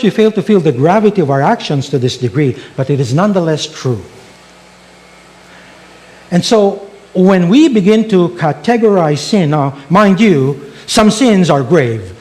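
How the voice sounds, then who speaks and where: Animated preaching man, lively pitch. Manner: animated, storytelling preaching with rhetorical questions. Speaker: pastor. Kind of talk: sermon.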